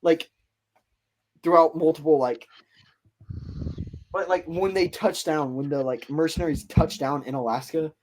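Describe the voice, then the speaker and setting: Male podcast host, slightly high pitch, loose and filler-heavy storytelling. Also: fairly even intonation, measured pace, long pauses, a little mellow, a little hiss or hum. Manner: rambling, filler-heavy retelling. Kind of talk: casual storytelling chat.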